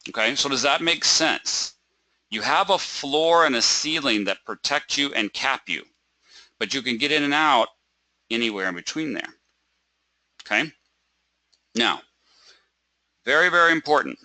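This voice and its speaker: A man's voice: mid-range voice, animated, unhurried, long pauses, bright, forceful tone, no echo. A man teaching a live webinar lesson. He asks rhetorical questions, checks in with "right?" and "okay?", and acts out a stressed trader by repeating words. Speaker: trading webinar instructor.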